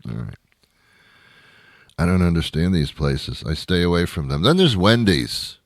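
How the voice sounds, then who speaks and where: A man's voice: sits low, expressive, normal speed, no room sound, clean studio sound. A man hosting a comedy show, delivering a rambling, grumbling monologue with stammered restarts.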